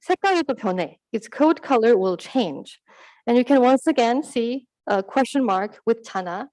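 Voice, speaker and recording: Woman lecturing at a conference, kinda high voice, dead dry sound, lots of um and uh. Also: normal speed, a little mellow, dry recording, poor audio. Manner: explanatory, with fillers and self-corrections. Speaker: conference presenter. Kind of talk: academic conference presentation.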